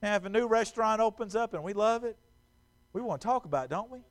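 A man preaching a sermon in a church, animated and stumbling over repeated words as he acts out quotes. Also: high voice, fast talker. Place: church sanctuary.

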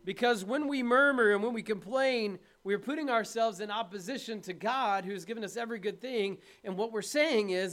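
High-voiced man preaching a sermon. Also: animated, moderate pace, a bit bright. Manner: earnest, plain-spoken preaching with questions to the congregation. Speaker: pastor. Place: church.

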